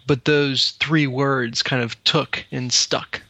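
A man's voice: medium pitch, steady tone, takes it slowly, creaky, sharp tone, no echo. A man hosting a casual gaming podcast quiz, reading out taglines and laughing along with his co-hosts. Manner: reads quotes aloud, laughs often. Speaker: quiz host.

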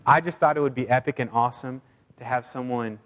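Pastor, male, mid-pitched, chatty sermon delivery with lots of "like" and repeats, church hall reverb. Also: quick pace, a bit bright. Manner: conversational preaching with many fillers and repeats. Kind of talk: sermon and prayer. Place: church sanctuary.

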